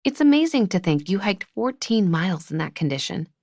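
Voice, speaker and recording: A woman voicing a wry young woman doctor with a deadpan sense of humor, in audiobook dialogue. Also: mid-range voice, a little fast, dry recording.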